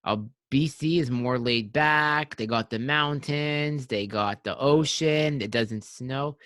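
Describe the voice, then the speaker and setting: A man from Iran, a guest on a podcast, chatting in an animated, joking way. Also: medium pitch, slow, no echo. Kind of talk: casual chat.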